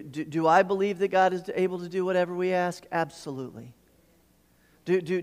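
Stammering preacher man in a reverberant hall. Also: on the high side. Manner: repeats words and stammers on restarts, building emphasis. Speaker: pastor. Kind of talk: sermon.

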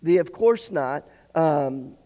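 Man, pastor, sermon, earnest, repeats himself, throat clearing, fairly high voice. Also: animated, takes it slowly, mellow. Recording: long hall reverb.

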